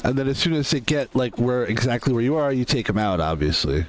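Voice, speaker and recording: A man's voice: medium pitch, animated, brisk. A man streaming a game, rambling casually with jokes and laughs while he plays. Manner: rambling, laughing, joking asides. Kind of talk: casual gameplay commentary.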